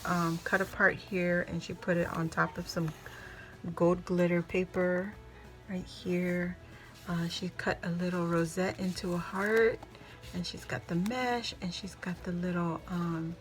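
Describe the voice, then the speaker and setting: A woman vlogger from Hawaii excitedly unboxing handmade craft mail, gushing and exclaiming over each piece. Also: lowish voice. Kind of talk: casual unboxing chat. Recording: music playing in the background.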